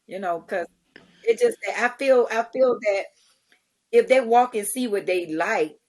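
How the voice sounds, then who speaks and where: Animated middle-aged woman telling stories. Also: a little high, measured pace. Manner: animated storyteller, acts out quotes, laughs often. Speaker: guest, community charity founder. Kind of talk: storytelling in a podcast interview.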